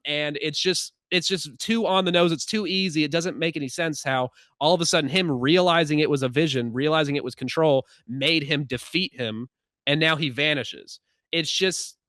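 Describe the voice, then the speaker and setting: A man hosting a podcast who talks quickly in a casual, wry, animated way. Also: fairly high pitch, no room sound, clean studio sound. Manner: fast-talking, animated, wry. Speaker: podcast host. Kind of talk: casual conversational commentary.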